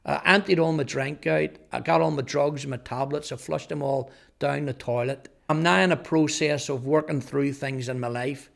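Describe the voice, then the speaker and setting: A man's voice: a little high, steady tone, moderate pace, vocal fry, few pauses, a bit bright. A man telling his personal testimony in an earnest storytelling way, often repeating words. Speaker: testimony speaker.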